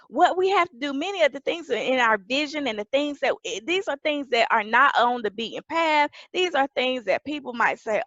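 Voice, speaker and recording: High, animated woman preaching. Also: dry recording, dull audio. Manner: emphatic, rising to shouts. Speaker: pastor. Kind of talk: sermon.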